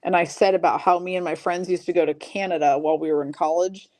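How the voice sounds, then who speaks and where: A woman's voice: on the low side, steady tone, a little mellow. A woman hosting a live card break stream, chatty and self-mocking. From Michigan. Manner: chatty, self-mocking, rattling off names quickly.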